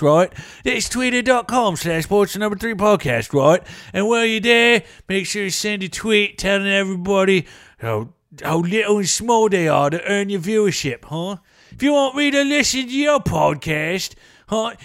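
A man's voice: high-pitched, a bit bright, dry recording, clean studio sound. A man putting on a rude greedy guy. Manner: insulting, mocking, gruff. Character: rude greedy British man demanding cash.

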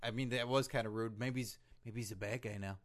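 A man co-hosting a comedy podcast, excitable and playfully sarcastic in casual banter. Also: medium pitch, brisk. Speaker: podcast co-host.

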